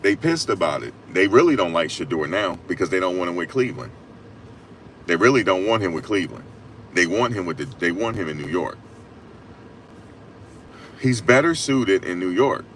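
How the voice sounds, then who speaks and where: A man giving casual, emphatic sports talk on a live stream, repeating his points and rising to loud peaks. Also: low voice, very animated, normal speed, long pauses, a little hiss or hum. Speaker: sports commentator.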